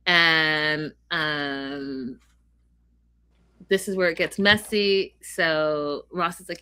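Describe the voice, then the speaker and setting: Co-host, woman, bright clear tone, gossipy animated recapper. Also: on the low side, slow pace. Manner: animated retelling of gossip with quoted voices. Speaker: podcast co-host. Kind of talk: casual reality TV recap.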